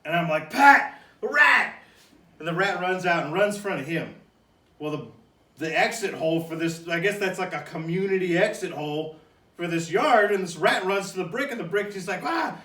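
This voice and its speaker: A man telling a funny personal story in a loose, animated way, bursting into shouts and laughter as he acts it out. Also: on the high side. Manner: animated, shouts and laughs while acting out the scene. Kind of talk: casual spoken anecdote. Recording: echoey room, distant mic.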